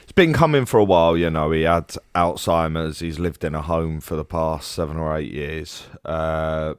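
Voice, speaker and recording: A man's voice: a bass voice, moderate pace, smooth, dry recording, studio quality. A man with a Cockney accent, co-hosting a podcast in a laid-back, blokey way. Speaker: podcast co-host. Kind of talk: casual podcast chat.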